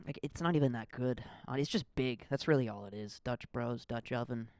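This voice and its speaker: Young man, podcast host, rambling casual monologue, smooth clear tone, dry close sound. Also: medium pitch, a little fast, darkish tone, no echo. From American Midwest. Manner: rambling, self-deprecating, filler-heavy.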